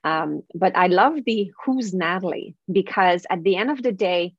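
A woman's voice: on the low side, normal speed, husky, no echo, lo-fi sound. A woman from Quebec with a French Canadian accent, a native French speaker and professional speaker, talking earnestly as an interview guest. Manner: earnest, eager, with frequent laughs. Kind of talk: podcast interview.

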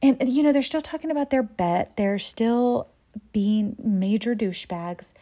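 A woman's voice: on the high side, a little slow, dark tone. A woman casually recapping a soap episode in a loose, conversational way, with fillers and frank asides.

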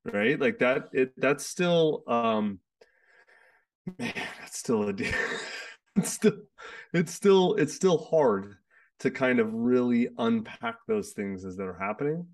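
Man, podcast host, rambling chatty delivery, mid pitch, a bit distant from the mic. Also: animated, slow. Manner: rambling, many restarts and fillers. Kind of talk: casual conversation. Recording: sits away from the mic.

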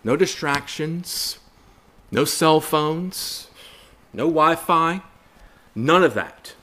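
Male Bible study preacher, earnest and rhetorical, with a lively voice that rises and sinks a lot. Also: a little high, very slow. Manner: earnest, rhetorical questions, repeats phrases for emphasis; addresses listeners as brothers and sisters.

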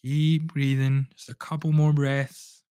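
Calm man guiding a breathing exercise. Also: mid-range voice, clean tone, no room sound. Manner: calm, slow, soothing instructions. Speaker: breathwork coach, guest.

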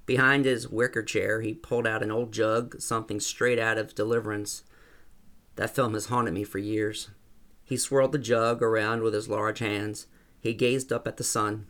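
A man reading a first-person story aloud in a calm, even way. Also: lowish voice, moderate pace. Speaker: narrator.

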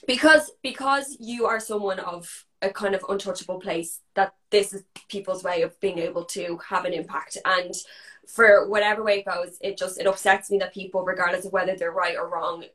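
A woman hosts a podcast interview with an earnest, supportive manner. She speaks at a measured pace and reads out listener questions. Her pitch is mid-range for a woman. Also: fairly even intonation, a bit bright. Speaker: podcast host. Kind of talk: interview chat.

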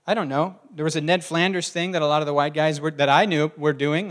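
A man's voice: a little high, steady tone, fast. A man preaching a sermon in a conversational way, often asking the congregation questions. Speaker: pastor.

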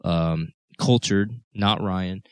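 A man with a lowish voice giving his take on a podcast. He builds his argument step by step and holds the floor when cut off. The sound is dry and close. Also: smooth, dry recording. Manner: opinionated, builds a point slowly, holds the floor. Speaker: podcast co-host. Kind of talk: casual chat.

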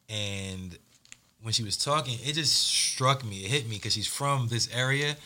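A man's voice: lowish voice, sharp tone. A man from New Jersey hosting a casual podcast chat, joking and trailing off into mumbles. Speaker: podcast host.

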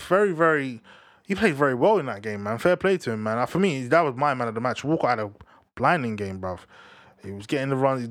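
A man giving a casual football round-up, blunt and slangy, swearing and going off on excitable rants. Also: medium pitch, dry recording, clean studio sound. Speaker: football pundit. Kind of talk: casual football match review.

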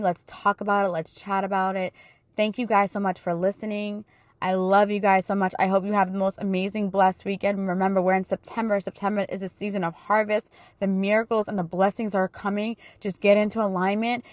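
A woman in her thirties hosts a podcast as a life coach, giving casual, encouraging motivational talk that turns emotional and fervent in praise of her faith. Her mid-range voice is brisk with a flat delivery, and there's no echo.

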